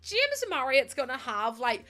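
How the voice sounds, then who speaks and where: A British woman chats away on her livestream, laughing often and swearing freely. Her voice is bright and a touch high, and soft music plays faintly behind her. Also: sing-song, measured pace. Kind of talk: casual stream chat.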